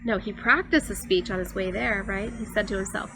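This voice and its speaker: A woman giving an earnest, confessional faith talk for her church, often pausing on fillers. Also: mid-range voice, vocal fry, noisy background. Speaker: church speaker.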